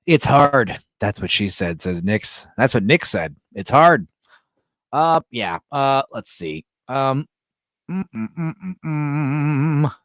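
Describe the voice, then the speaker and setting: A man's voice: medium pitch, expressive, takes it slowly, dry recording, studio quality. A man hosting a late-night livestream, chatting loosely and reading out viewer messages while tired at five in the morning. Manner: loose, rambling, reads and answers chat. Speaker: livestream host.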